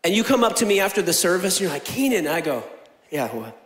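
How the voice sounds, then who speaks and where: A young man preaching in a large church, joking with the crowd and then proclaiming loudly, swinging between booming declarations and quiet asides. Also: expressive, rapid-fire. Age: young adult. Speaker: pastor. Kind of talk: energetic sermon with jokes. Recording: echoey church hall.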